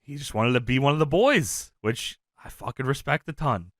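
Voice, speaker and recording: A man's voice: mid-range voice, animated, moderate pace, fairly bright tone, no echo, studio quality. A man co-hosting a podcast, chatting casually about old wrestling shows, laughing often and swearing freely. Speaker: podcast co-host. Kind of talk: casual wrestling recap chat.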